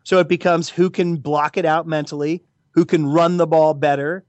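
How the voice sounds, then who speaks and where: Excitable rambling American man, higher voice. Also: moderate pace, no echo, muffled recording. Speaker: guest NFL commentator. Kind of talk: casual podcast chat.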